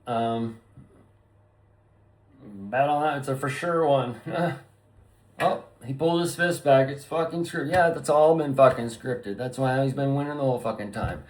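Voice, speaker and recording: A man's voice: medium pitch, measured pace, darkish tone. A man rambling through a profane, free-associating solo monologue to his viewers. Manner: profane, stream-of-consciousness wordplay. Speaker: vlogger.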